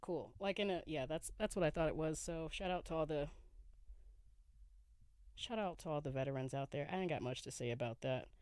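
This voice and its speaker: A woman's voice: low-pitched, fairly quick, darkish tone, no room sound. A woman in her forties hosting a casual solo podcast from her camper van, groggy with a morning voice, laid-back and giggly, dropping slang and swearing. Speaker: podcast host.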